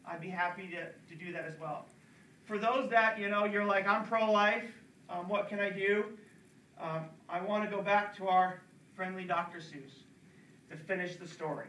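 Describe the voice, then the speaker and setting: At a campus pro-life talk, a man speaks earnestly with a high-sitting, steady voice at normal speed and a sharp tone, urging his listeners and repeating words for emphasis. A distant mic captures him in an echoey room.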